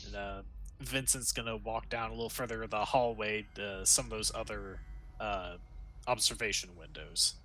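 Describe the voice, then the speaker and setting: Male player, bright and lively voice, faint hiss behind. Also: fairly low pitch, normal speed, poor audio. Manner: laughs often, describes his character. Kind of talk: tabletop role-play.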